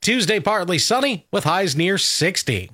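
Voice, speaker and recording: Man, local radio forecast, high bright voice, animated, dry studio sound. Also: normal speed, no echo.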